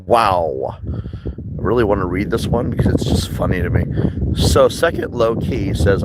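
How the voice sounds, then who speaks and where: A man's voice: low voice, measured pace, very noisy. A man in his thirties from Michigan, streaming live and chatting loosely with viewers. He rambles, jokes sarcastically and swears freely. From Michigan, United States. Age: 30s. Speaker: livestreamer. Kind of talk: casual livestream chat, reading viewer comments.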